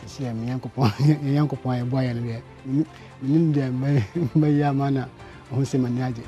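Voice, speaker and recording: A man's voice: medium pitch, steady tone, fairly quick, dark tone, lo-fi sound, faint music behind. A man, the student's father, talks in an interview and laughs often between his words. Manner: laughs often while talking. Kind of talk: interview in a local language.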